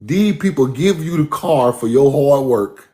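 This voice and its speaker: A man's voice: mid-range voice, animated, unhurried, warm tone. A man giving a casual, emphatic street-style lecture, repeating his points and calling the listener bro. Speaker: speaker giving a talk.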